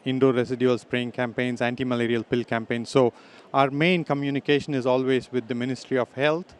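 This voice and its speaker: A founder answering a panel question in a steady, listing way. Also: male voice, mid-range voice. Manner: steady, lists organisations. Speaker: startup founder.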